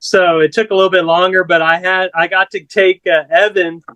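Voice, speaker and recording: A man's voice: high voice, flat delivery, fairly quick, sharp tone, dry recording, low-quality recording. A man from Corpus Christi, Texas, telling a story as a guest musician in a laid-back, rambling way with casual swearing.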